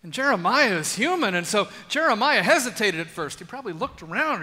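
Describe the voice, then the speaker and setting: A man preaching in a large church with a high, bright voice. He speaks earnestly and intimately, leaving dramatic pauses. A long reverb trails after his words. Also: sing-song. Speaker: pastor. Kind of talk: sermon.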